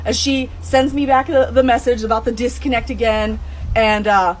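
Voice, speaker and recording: A woman in her thirties or older, telling her own story in a blunt, heated way, swearing and breaking into high outbursts. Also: animated, moderate pace, fairly bright tone, slight background noise, low-quality recording. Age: adult, over 30. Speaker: true crime vlogger telling her mother's case. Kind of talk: emotional first-person storytelling.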